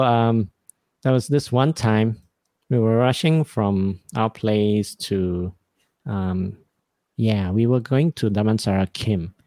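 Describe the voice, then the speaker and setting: A man's voice: lowish voice, mellow, no echo. A man, hosting a podcast and telling rambling, self-mocking comic stories with frequent laughs. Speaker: podcast host. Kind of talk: casual comedic storytelling.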